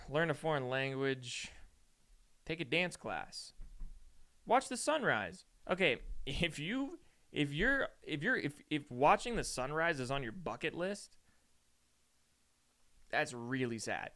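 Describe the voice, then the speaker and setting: A man's voice: fairly high pitch, big pitch swings, measured pace, bright, forceful tone, highs cut off. A young man from Austin, Texas, hosting a casual solo chat, rambling and swearing, saying "dude" often, sore and yawning. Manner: rambling and profane, peppered with "dude". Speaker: podcast host.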